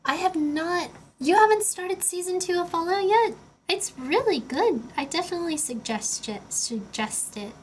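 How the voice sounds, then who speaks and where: A young woman chats away on a casual livestream in a high voice. She rambles and fills her sentences with loose filler words while building Lego between answers to chat. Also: lively intonation, moderate pace, a little hiss or hum. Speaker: streamer.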